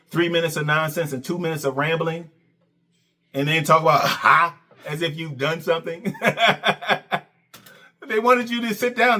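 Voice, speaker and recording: A man's voice: a little high, fairly bright tone. A man hosting a reaction commentary, sarcastic and mocking, who keeps repeating "okay" and "Coach.". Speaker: commentary channel host.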